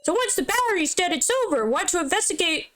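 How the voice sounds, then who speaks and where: Woman putting on a squeaky cartoonish young man. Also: expressive, fast, fairly bright tone. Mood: excited. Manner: falsetto cartoonish squeak, bouncy. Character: squeaky high-voiced young man, eager guide. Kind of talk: video game voice acting.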